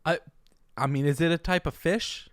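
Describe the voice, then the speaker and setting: A man's voice: on the high side, moderate pace, a bit bright, dry recording, studio quality. A man co-hosting a casual comedic podcast, telling stories with animation and stammering restarts. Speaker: podcast co-host.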